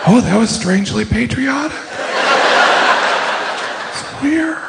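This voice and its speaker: A man's voice: very high voice, lively intonation, slow, vocal fry, heavy background noise. A man making snarky, teasing comments over comedy clips. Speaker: mocking commentator.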